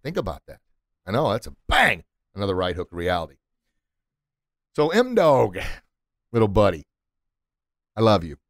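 A middle-aged man hosts a motivational podcast on a studio mic, preachy and emphatic, driving points home by repeating words. His fairly low voice swoops wildly in pitch at a moderate pace, with long pauses, in a dry recording.

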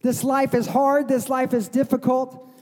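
Pastor guy with a pretty high voice, chatty sermon, long echo off the church hall. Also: little pitch movement, a little slow, darkish tone. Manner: conversational preaching, acts out voices of the crowd. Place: church sanctuary.

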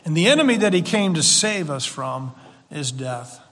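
High-voiced man preaching in a reverberant hall. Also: big pitch swings, moderate pace, fairly bright tone. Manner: earnest, conversational preaching with folksy asides. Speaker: pastor. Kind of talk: sermon.

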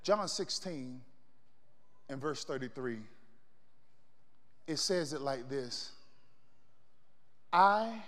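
A man a sermon in call-and-response style, swinging between loud shouts and hushed low passages. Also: lively intonation, slow, long pauses, in a large hall. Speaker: preacher.

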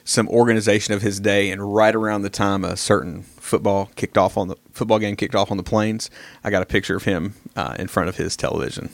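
A man hosting a casual church podcast, rambling through his thoughts with lots of pauses and restarts. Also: lowish voice, fairly even intonation, gravelly, no room sound. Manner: rambling, many fillers and restarts. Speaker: podcast host.

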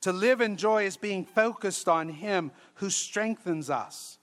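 Slow and high-voiced, with a fairly bright tone, the priest laughs his way through humorous sermon stories. He brings plenty of exuberance and mimics the people he quotes.

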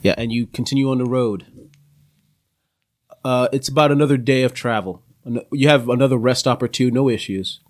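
A man's voice: medium pitch, a little fast. A man with a Southern US accent, running a tabletop game as game master and narrating scenes in a rambling way. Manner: rambling, restarts mid-description.

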